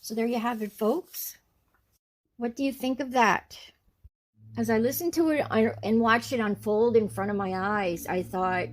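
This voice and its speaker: A woman hosting her channel, giving casual, indignant commentary. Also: a little high. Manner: indignant, scolding. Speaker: channel host.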